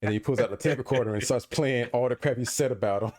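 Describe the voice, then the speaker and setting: A man's voice: medium pitch, fast, darkish tone. A man co-hosting a casual podcast, teasing his friend with mock outrage and playful banter over a call. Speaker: podcast co-host.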